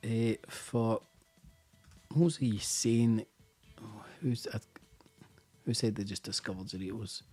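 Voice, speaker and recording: A man's voice: lowish voice, slow pace, pauses often, warm tone, breathy edge. A Scottish man hosting a casual live-stream quiz, chatty and teasing, tired after a busy day, over faint music. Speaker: quiz host.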